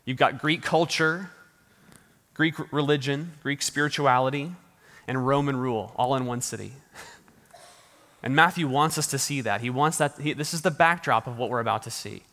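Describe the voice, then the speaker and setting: A man's voice: mid-range voice, moderate pace, a bit bright. Man preaching in a reverberant hall. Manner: conversational preaching with frequent restarts and light laughs. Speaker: pastor. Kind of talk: sermon.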